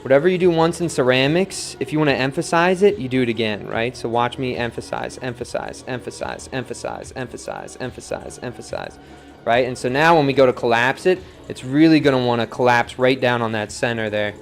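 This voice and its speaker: A relaxed young man talks viewers through his work at the pottery wheel in an easygoing, chatty way, often trailing off into soft counting. His pitch sits in an ordinary middle range, and faint music plays behind him. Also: fairly quick, hardly any pauses. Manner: relaxed, chatty, reads viewer comments, counts aloud softly. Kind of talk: live-streamed pottery demo, casual teaching.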